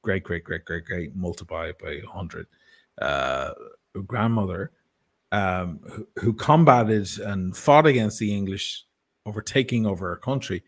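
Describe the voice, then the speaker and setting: An Irish man talking as a guest in a casual chat, telling stories in an animated way and swearing freely. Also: low voice, a little slow. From Ireland.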